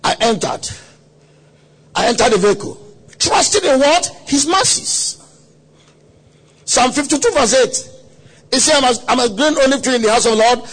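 High husky pastor preaching. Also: male voice, lively intonation, normal speed, pauses often. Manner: dramatic storytelling, acts out quoted voices, sudden shouts. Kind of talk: sermon. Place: conference hall.

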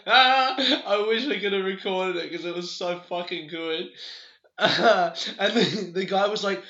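A man's voice: sits high, slow pace, sharp tone. A young Australian man with an Australian accent telling a story in a casual, rambling way, laughing often and swearing freely. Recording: echoey room, dull lo-fi sound.

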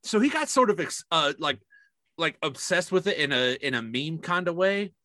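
A man co-hosting a podcast in casual, profane chat. He tells animated stories and acts out the voices in them. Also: a little high, moderate pace, dry recording, studio quality. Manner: profane, animated storytelling with big voiced quotes. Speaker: podcast co-host.

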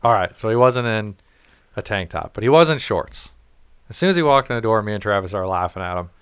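A man's voice: lowish voice, lively intonation, brisk, a bit bright, clean tone, dry recording, clean studio sound. Profane, rambling storytelling man. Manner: profane, rambling, acts out quoted voices. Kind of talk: casual storytelling chat.

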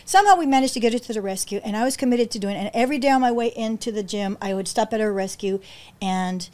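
High-pitched woman guest, expressive storyteller who acts out every quote. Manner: acts out quotes with big pitch jumps, emotional, fast restarts. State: near tears. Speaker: podcast guest, rescue founder. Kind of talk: animated storytelling in conversation.

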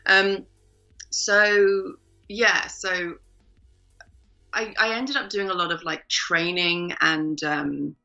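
A woman talks casually as an interview guest, rambling through fillers and restarts. Her voice sits a little low but sounds bright and forceful. The audio is dull and muffled, like a home call. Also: slow pace, creaky, pauses often. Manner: chatty, many fillers and restarts, bright lively laugh.

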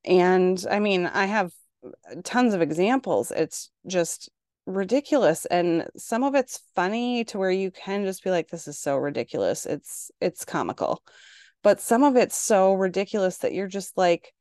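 A woman from Minnesota in her forties, hosting a casual podcast monologue and telling parenting stories in an exasperated, animated way. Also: mid-range voice, measured pace, clean tone, no echo, studio quality. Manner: exasperated, animated storytelling with acted-out quotes. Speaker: podcast host.

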